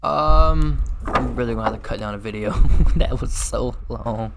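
A man giving horror game commentary, swearing constantly and yelling when he gets startled. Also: mid-range voice, a little slow, gravelly, heavy background noise. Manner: swears constantly, jumpy and loud when scared. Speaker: gaming video host.

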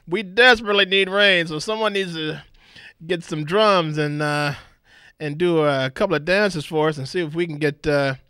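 A middle-aged man hosting a radio talk show in a studio, exuberant and playful, breaking into booming shouts. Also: normal speed, smooth, dry recording. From Southern California.

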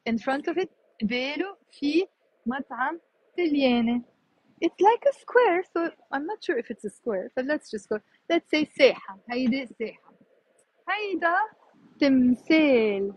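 High, husky-voiced Lebanese woman teaching. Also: rough recording. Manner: explains words, repeats each one slowly, chatty asides. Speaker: Arabic teacher. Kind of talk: live walking street lesson. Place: outdoors on a city street, walking. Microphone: phone held in hand.

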